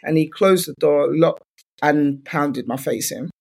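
A woman's voice: low-pitched, measured pace, creaky, a little mellow, slightly rough. A woman, a guest in an interview, candidly retelling her own story in loose speech full of "like" fillers.

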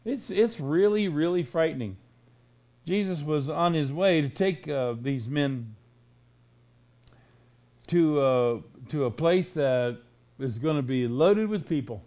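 A man's voice: on the high side, expressive, slow, pauses often, mellow. A man preaching a conversational sermon, blunt and folksy, firing sarcastic rhetorical questions at his listeners.

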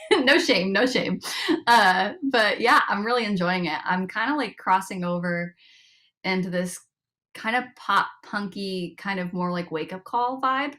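A young woman from the United States, a singer-songwriter guest, chatting casually on a video call and laughing often. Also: mid-range voice. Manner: giggly, relaxed, laughs often. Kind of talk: casual interview chat.

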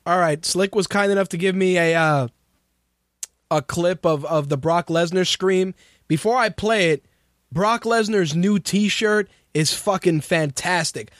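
Ranting high-voiced man, dry close mic. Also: unhurried, dry recording. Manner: ranting, exasperated, swears freely. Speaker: radio show host. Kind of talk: casual profane commentary.

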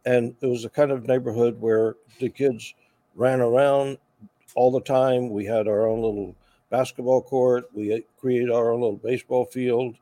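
A man's voice: mid-range voice, fairly even intonation, normal speed. An older man from South Carolina with a slight Southern accent, telling his story in a casual interview with wry humor. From Charleston, South Carolina. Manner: warm, wry, self-deprecating humor. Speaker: guest, veteran.

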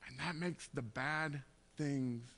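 A man preaching a conversational sermon, moving between quiet, tender passages and loud emphatic bursts. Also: fairly high pitch, takes it slowly, creaky. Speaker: pastor.

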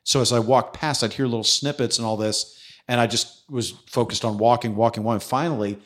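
This middle-aged man, once a New York City police detective, is telling a story in a casual interview with plenty of swearing, acting out what others said. He talks fairly quickly at a medium pitch.

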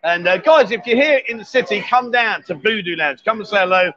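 A man's voice: high-pitched, animated, a little fast, sharp tone, dull audio. A man hosting a casual live stream from a busy bar, joking and reading viewer comments aloud. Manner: chatty, jokey, reads viewer comments aloud.

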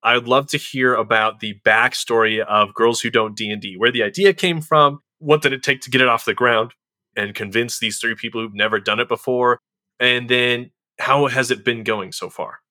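A man's voice: mid-range voice, steady tone, normal speed, sharp tone, no echo. A man hosting a podcast, asking careful, polite questions. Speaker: podcast host. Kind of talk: casual interview.

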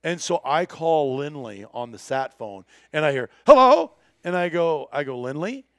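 A man's voice: on the high side, normal speed, no echo, studio quality. A man telling a hunting trip story in casual chat, acting out the people he quotes. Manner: animated storyteller, acts out quoted voices.

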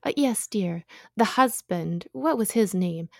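A woman's voice: mid-range voice, expressive, measured pace, gravelly, no room sound, studio quality. A woman playing a sweet, prying motherly housewife. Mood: coaxing, chatty. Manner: soothing, coaxing, chatty. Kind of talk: audio drama acting.

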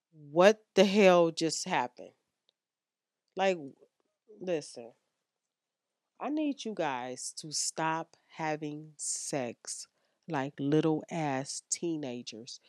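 A woman's voice: low voice, a little mellow, no room sound, studio quality. A woman hosting a frank sex-advice podcast, blunt and slangy as she lectures her listeners. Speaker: podcast host.

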